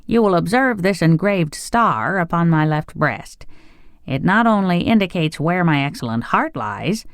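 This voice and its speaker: A reader voicing a warm, formal male tin man who is an emperor, speaking in an effusive, courtly way. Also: mid-range voice, expressive, unhurried, smooth, no room sound, studio quality. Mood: gracious. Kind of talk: audiobook character voice.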